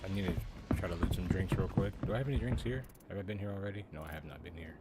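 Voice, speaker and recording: A man's voice: low-pitched, fast talker, over loud music. A man chatting casually with a friend while playing, offhand and talking to himself as he goes. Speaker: co-player. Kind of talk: casual gaming chat over voice chat.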